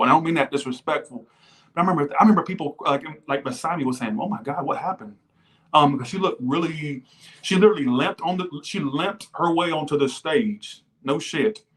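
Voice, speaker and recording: A man talks through a tarot reading on a casual livestream, his voice sitting at an ordinary middle pitch. He rambles and swears freely, slipping into tangents. Now and then he pauses to thank viewers for their donations. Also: a bit bright. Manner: rambling, profane, goes off on tangents. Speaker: tarot reader.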